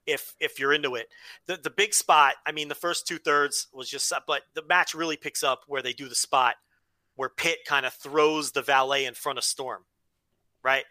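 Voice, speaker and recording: Male podcast co-host from the US, chatty and loose, bright voice. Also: a little high, no room sound. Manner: animated, many restarts, swears freely. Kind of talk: casual chat.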